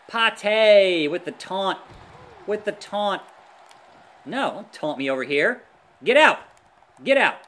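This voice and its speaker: Male let's-player, high and lively, unhurried between outbursts, reacting loudly to play. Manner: excitable, groans and yells at the action. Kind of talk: live gameplay commentary.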